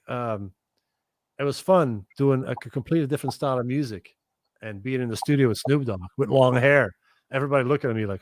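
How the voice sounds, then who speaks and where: A middle-aged man, a guest musician, telling stories in casual chat. He is animated, swears freely and acts out other people's lines. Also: mid-range voice, no echo.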